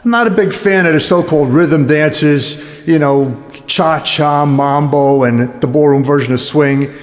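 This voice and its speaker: A man telling comic stories about dancing, deadpan, dropping his voice low to act out the other people in his jokes. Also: measured pace. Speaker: stand-up comedian. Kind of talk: comic storytelling with acted-out dialogue.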